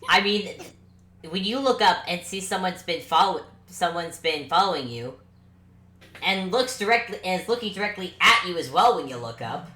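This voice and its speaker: Woman game master, slightly low voice, halting casual delivery, home mic. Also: lively intonation, bright, forceful tone. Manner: halting, restarts sentences. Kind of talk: narrating a tabletop game, casual.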